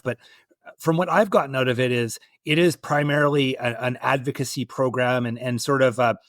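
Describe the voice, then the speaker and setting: A man hosting a casual sports podcast, talking in a relaxed, hesitant way with fillers and restarts. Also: medium pitch, dry recording, clean studio sound. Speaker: podcast host.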